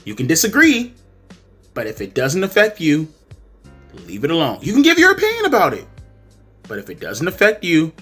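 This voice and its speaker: A man's voice: mid-range voice, bright, forceful tone, slightly rough. A man giving blunt, profane, heated commentary and telling a story in a vlog. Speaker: commentary vlogger.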